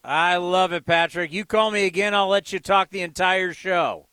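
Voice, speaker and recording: A man's voice: high voice, fairly even intonation, moderate pace, pushed and bright, smooth, no room sound. A man hosting a sports call-in radio show, upbeat and encouraging with callers. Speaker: radio host.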